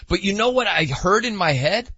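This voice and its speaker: A man's voice: high voice, lively intonation, moderate pace, bright, forceful tone, husky, no echo, muffled recording. A man hosting a sports talk show, chatty and joking with many fillers.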